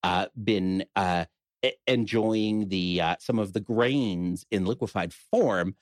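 A man's voice: low voice, slow, dry recording. Middle-aged New York man, dry sound. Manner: storytelling with frequent restarts and wry humor. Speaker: podcast guest. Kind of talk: casual conversation.

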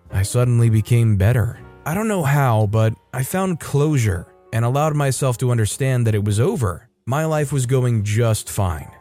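A man narrating a first-person story in an even storytelling manner, lightly voicing the dialogue. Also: mid-range voice.

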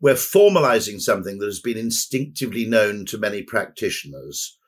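A man's voice: lowish voice, big pitch swings, brisk, slightly rough. A man as a podcast guest, talking in a rambling, anecdotal way with dry asides. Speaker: guest, advertising executive. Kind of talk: conversational podcast interview.

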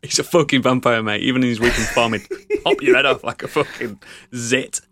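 A man's voice: mid-range voice, a little fast, sharp tone, a little hiss or hum. A man playing in a tabletop game, joking crudely and swearing. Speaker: player.

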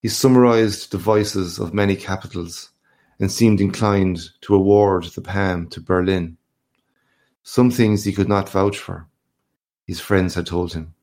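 A man reading a short story aloud in measured scripted narration. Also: sits low, darkish tone. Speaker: reader.

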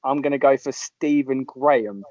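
A man, chatting casually as a podcast host and telling animated anecdotes. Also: medium pitch, normal speed, no echo. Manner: lively storyteller, puts on voices in anecdotes. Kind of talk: casual chat. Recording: dull lo-fi sound.

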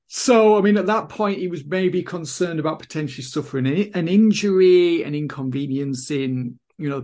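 A man's voice: on the high side, darkish tone. A man co-hosting a casual wrestling podcast, giving rambling, opinionated takes full of "I mean". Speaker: podcast co-host.

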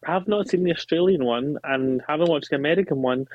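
A man guesting on a podcast, chatting in an animated, gushing way and acting out his own reactions. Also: a little high, brisk, no room sound. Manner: animated, gushing, quotes himself with little gasps. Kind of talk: casual chat. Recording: dull lo-fi mic.

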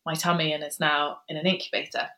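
A woman in her thirties, a guest author telling a personal story in an interview, soft-spoken and hesitant, pausing often with ums. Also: sits low, level tone, poor audio.

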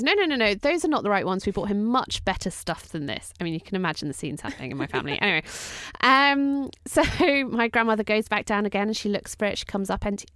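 A woman co-hosting a podcast, telling a family story in a lively, animated way. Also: mid-range voice, smooth, dry recording, clean studio sound. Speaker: podcast co-host. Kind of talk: casual chat, storytelling.

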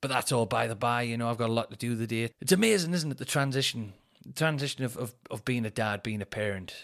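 A man hosting a casual solo podcast, sweary and ranting in an animated way. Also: mid-range voice, fast, gravelly. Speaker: podcast host. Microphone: headphones in, home podcast mic.

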